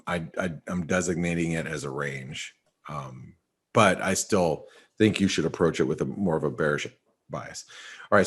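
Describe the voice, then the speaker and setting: Deep-voiced man rambling through market talk. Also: husky. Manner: rambling, many restarts and fillers. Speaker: market analyst host. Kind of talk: casual webinar chat.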